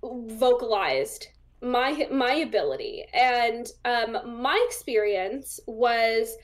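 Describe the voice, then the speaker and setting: A woman's voice: fairly high pitch, expressive, slow pace. A young woman talking as an interview guest, chatty and casual, with lots of fillers as she acts out the voices in her stories. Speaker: interview guest, psychic medium.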